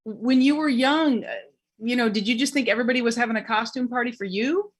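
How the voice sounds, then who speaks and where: A woman's voice: fairly high pitch, fast, slightly rough. Hammy woman emceeing as a witch. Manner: hammy, rambling, joking as a witch. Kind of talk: comic hosting of a virtual storytelling show. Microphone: video call.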